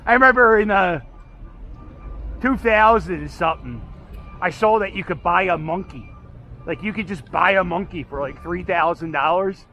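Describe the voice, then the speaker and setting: A man's voice: high-pitched, pushed and bright, lo-fi sound, a little hiss or hum. A man rambling and joking as he walks his dog outdoors through city streets, filming as he goes. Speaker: vlog host walking his dog. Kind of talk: casual walking commentary.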